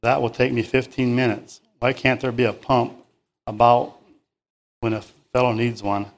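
A man's voice: medium pitch, fairly even intonation, moderate pace, close to an everyday voice. A man reading aloud as an impatient boy demanding a bicycle pump, whiny and insistent.

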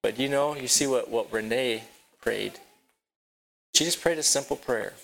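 A man teaching a children's Bible lesson at a rural property with a barn. He tells the story haltingly, repeats his words and asks the children questions. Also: mid-range voice, vocal fry, a bit bright, low-quality recording.

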